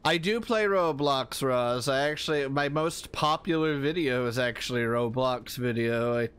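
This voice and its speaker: Smooth and a bit bright, this man's mid-range voice moves at a moderate pace while he livestreams a game. He keeps up easygoing commentary, responding to viewers and reacting to the action.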